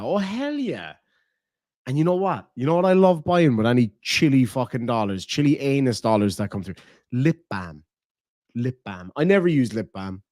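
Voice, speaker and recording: Irish male streamer, crude and mocking, very lively pitch, dry close sound. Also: dry recording. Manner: mocking, profane, laughing. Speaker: commentary streamer. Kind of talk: casual reaction commentary.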